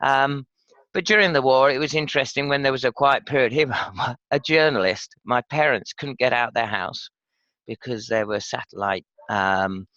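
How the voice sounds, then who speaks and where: A British man in his fifties, a former pilot telling his story frankly and reflectively in an interview, halting with fillers. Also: mid-range voice, bright, forceful tone, no echo, muffled recording. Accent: British English. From Britain. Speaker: podcast guest, former RAF pilot.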